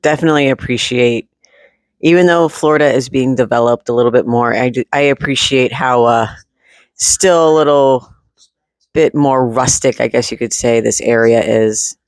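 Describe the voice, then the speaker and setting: A man's voice: mid-range voice, normal speed, no room sound. A man talking at home in a rambling, casual video diary, full of fillers and restarts, with the odd swear word. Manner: candid, with occasional swearing. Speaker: vlogger.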